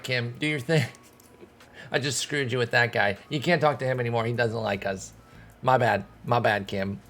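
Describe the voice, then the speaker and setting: A young man giving casual gameplay commentary as a streamer, thinking aloud and breaking into sudden excited outbursts. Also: mid-range voice, normal speed, vocal fry, faint music behind. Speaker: streamer playing a baseball management game.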